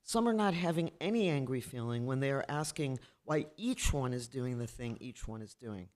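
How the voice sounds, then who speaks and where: A man reading literary prose aloud at a public marathon reading, in a steady, even way. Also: mid-range voice, moderate pace. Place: art space in New York.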